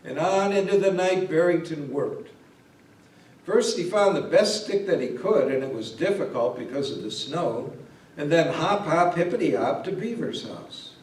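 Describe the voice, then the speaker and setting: A male pastor reading a Christmas story aloud, in a slow, gentle storytelling manner. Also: on the high side. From Ohio, USA. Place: church or parish hall. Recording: roomy echo, mic at a distance.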